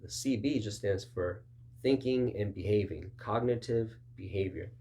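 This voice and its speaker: A man gives a conversational sermon, dramatizing little two-sided dialogues with a raised pitch. His warm voice moves at normal speed.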